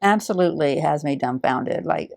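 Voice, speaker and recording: A middle-aged woman, warmly unboxing donated fabric in heartfelt, awed casual chat. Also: low voice, expressive, normal speed, creaky, no room sound. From Alabama. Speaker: quilting channel host.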